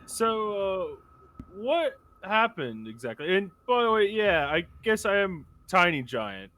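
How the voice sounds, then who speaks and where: A man's voice: high-pitched, sing-song, unhurried, pushed and bright, pitched above the performer's own voice, heavily acted. A man voicing his big, easygoing adventurer character, who talks in a friendly, rambling way.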